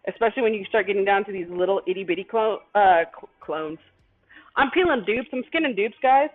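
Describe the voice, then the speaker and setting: A woman's voice: medium pitch, animated, a little fast. Female cooking-stream host, casual and rambling, self-deprecating, tinny lo-fi audio. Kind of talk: casual chat while cooking. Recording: tinny phone-like stream audio with faint music.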